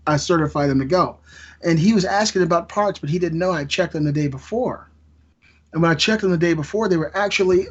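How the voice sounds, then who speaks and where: A man telling a long work story in casual live-stream chat, rambling and often laughing through it, on a dull lo-fi mic. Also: on the high side.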